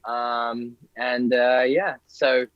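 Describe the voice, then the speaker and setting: A man's voice: mid-range voice, level tone, very slow, dry recording. An American man on a casual live show, laid-back and friendly, calling in from a car. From Delaware, USA. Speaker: co-host. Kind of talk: casual chat. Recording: dull lo-fi call audio.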